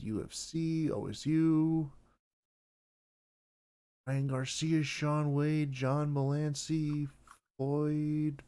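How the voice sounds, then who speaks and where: A man's voice: medium pitch, darkish tone, smooth. Rambling dry-humored male podcaster. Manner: rambling, dry, self-deprecating, many fillers. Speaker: podcast host. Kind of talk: casual podcast chat.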